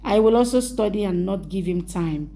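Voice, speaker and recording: A woman's voice: medium pitch, moderate pace, mellow, slight background noise, lightly acted. A woman reading as an upset young wife. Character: young wife, hurt and needy.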